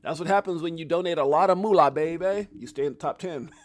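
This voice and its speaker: A middle-aged man hosting a casual live crypto market rundown, joking and animated, swearing casually and shouting out viewers. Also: a little high, quick pace. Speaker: crypto livestream host.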